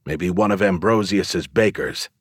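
Deep-voiced male audiobook narrator. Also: a little slow, breathy edge, no echo, clean studio sound. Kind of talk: first-person audiobook narration.

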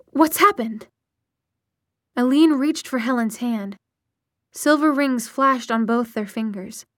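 A woman narrating a novel aloud in a steady, measured storytelling manner. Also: on the high side, no echo, clean studio sound. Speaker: audiobook narrator. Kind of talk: audiobook narration.

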